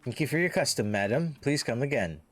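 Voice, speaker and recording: Dude putting on a chirpy loud market vendor, high and sing-songy. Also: male voice, expressive, fairly quick, faint music behind. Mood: hawking. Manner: hawking, sing-song. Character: loud, cheery male market vendor hawking meat.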